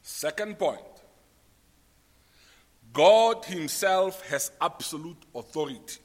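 A man's voice: fairly high pitch, expressive, slow, in a large hall. A man with a South African accent preaching a sermon, spelling out his points and repeating them for note-takers. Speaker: pastor.

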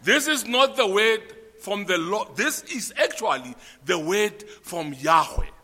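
A man's voice: sits high, very animated, measured pace, bright, forceful tone, in a large hall. A man with a South African accent preaching a sermon, spelling out his points and repeating them for note-takers. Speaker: pastor.

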